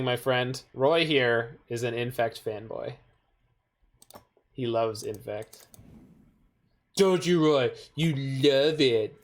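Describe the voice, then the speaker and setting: A streamer talks through a card game match in a relaxed, unhurried way. The delivery is dry, with joking asides tossed to the chat. The pitch sits in an ordinary middle range. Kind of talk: casual gameplay commentary.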